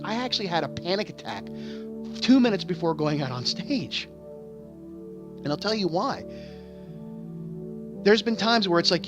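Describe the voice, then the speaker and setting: Rambling man over game music. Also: high voice. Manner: rambling, repeats words, restarts often. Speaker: vlogger and stage actor. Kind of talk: candid casual monologue. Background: game music playing.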